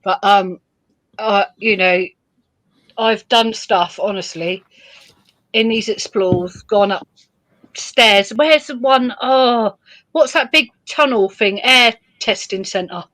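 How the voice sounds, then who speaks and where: A woman's voice: mid-range voice, takes it slowly. A woman chatting casually as a guest on a live stream, laughing often and acting out quotes as she tells stories about exploring. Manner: giggly, lively storyteller, acts out quotes.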